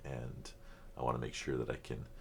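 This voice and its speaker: A man with a strikingly deep, low voice chats casually as the host of a reaction video. He rambles a little, often apologizes, and speaks earnestly from his home computer setup. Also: little pitch movement, a little fast, vocal fry, background noise.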